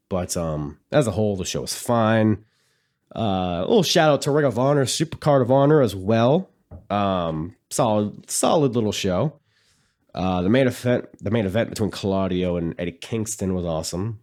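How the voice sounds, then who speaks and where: A man with a slightly low, nasal and raspy voice talks through a solo podcast episode. He rambles in an easygoing way, full of ums and uhs, and sounds a bit congested. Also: darkish tone. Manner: rambling, easygoing, lots of fillers. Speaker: podcast host. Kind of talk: casual solo podcast chat.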